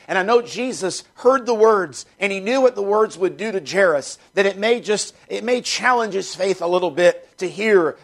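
A man's voice: sits high, animated, moderate pace, hardly any pauses. A man preaching a sermon, reading scripture aloud and fervently repeating short refrains. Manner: reads scripture in old-fashioned wording. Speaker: pastor.

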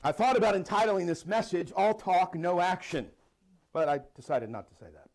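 A middle-aged male pastor preaching a sermon, animated and laughing now and then as he reads and explains scripture. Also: high-pitched, normal speed.

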